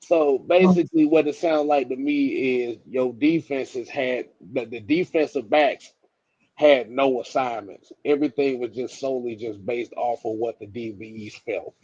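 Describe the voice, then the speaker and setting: A man's voice: medium pitch, a little slow, a little mellow, no echo, muffled recording. A man co-hosting a casual live sports talk stream, reading chat comments aloud. He laughs often and repeats words while he gathers his thoughts.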